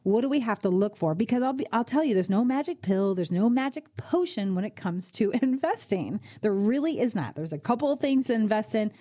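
Woman radio host, money advisor, warm dark voice, direct coaching vibe. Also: medium pitch. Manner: coaching, direct, addresses listeners. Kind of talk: conversational radio advice talk.

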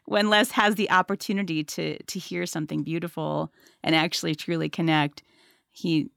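A middle-aged woman interviewing an author about his book, animated and laughing often as she talks. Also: low voice, normal speed, vocal fry, no room sound, clean studio sound.

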